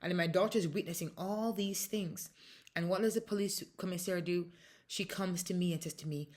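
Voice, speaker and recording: An American woman telling an emotional personal account as a mother, impassioned and halting, often restarting her sentences. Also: fairly low pitch, fairly even intonation, a little mellow. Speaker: mother recounting a dispute.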